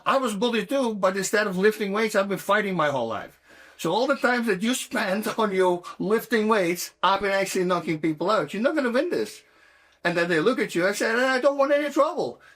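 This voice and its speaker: A Dutch-accented man in his sixties tells stories as a guest on an interview show. His voice sits a little higher than most men's, and his delivery is emphatic and animated. His English carries non-native phrasing. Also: fairly quick. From Netherlands. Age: 60s. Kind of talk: casual interview storytelling.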